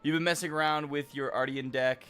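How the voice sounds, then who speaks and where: A man's voice: fairly high pitch, fairly even intonation, brisk, sharp tone, clear, resonant tone. An adult man streaming a game, chatting casually and joking with his co-player. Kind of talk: casual gaming chat.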